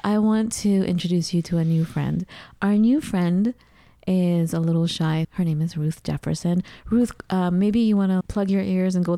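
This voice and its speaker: Woman host, mellow low voice, playful and gushing, casual kitchen chat. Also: fairly even intonation, measured pace, no echo. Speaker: co-host of a talk show. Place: home kitchen.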